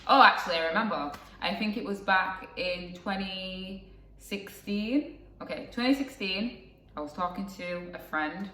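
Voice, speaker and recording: Young woman, chatty and rambling, bright voice, distant mic, echoey room. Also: mid-range voice, a little slow, a little hiss or hum. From England. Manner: chatty and rambling, with frequent fillers and asides. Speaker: vlogger. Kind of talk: casual storytelling to camera.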